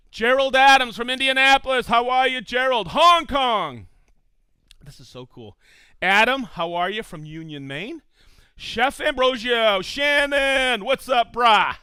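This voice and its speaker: A man's voice: very high-pitched, measured pace, sharp tone, clean tone, no room sound. A man hosting a live stream, reading out viewers' hometowns with upbeat enthusiasm and frequent laughs. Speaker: livestream host.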